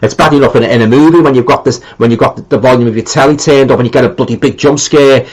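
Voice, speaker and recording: A middle-aged man with a Liverpool accent chats easily on a live stream, reading viewer comments aloud in a rambling, informal way full of ums, restarts and colloquial phrases. His mid-range voice races and sounds husky on a low-quality recording.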